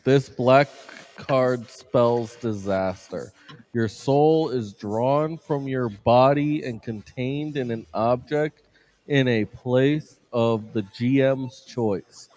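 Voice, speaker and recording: A man, a player in a tabletop game, reading card rules aloud in a measured way. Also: medium pitch, a little mellow.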